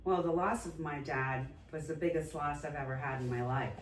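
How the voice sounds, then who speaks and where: Low-voiced reflective woman co-host. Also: steady tone, fairly quick, reverberant, recorded from a distance. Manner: reflective, with many fillers. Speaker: podcast co-host. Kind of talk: heartfelt conversation about grief.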